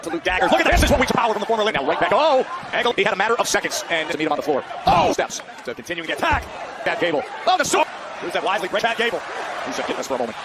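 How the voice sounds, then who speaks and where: A man calling a wrestling match as play-by-play commentator, bursting into shouts at the big moves. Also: high-pitched, lively intonation, very fast, very noisy. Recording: broadcast mix with loud crowd and music.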